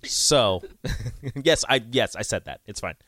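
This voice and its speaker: A man's voice: medium pitch, animated, fairly bright tone, dry recording, clean studio sound. A man hosting a radio sports talk show, joking and teasing his co-host in casual banter. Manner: joking, teasing, quick back-and-forth. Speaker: parent.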